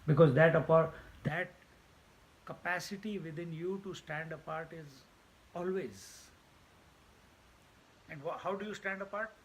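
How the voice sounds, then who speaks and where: A man's voice: a little high, a little slow, pauses often, slight background noise, rough recording. A man teaching a spiritual discourse, emphatic and repetitive, laughing at his own jokes. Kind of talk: Vedanta discourse.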